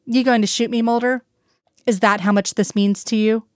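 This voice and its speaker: A woman's voice: fairly high pitch, fairly even intonation, normal speed, darkish tone, no echo, clean studio sound, close to an everyday voice. A woman reading as a resolute female agent. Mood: firm. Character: steady female FBI agent, loyal, resolute.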